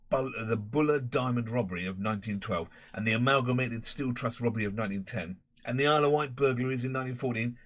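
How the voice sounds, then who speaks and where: A man's voice: fairly low pitch, slightly rough. A man voicing a boastful, rambling middle-aged London pub owner and former crook with a Cockney accent.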